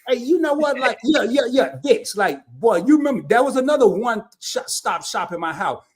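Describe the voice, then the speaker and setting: A man with a high voice hosts a comedic chat and tells stories with lots of energy. He laughs often as he goes. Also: moderate pace, husky. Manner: animated storyteller, laughs often. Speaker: host.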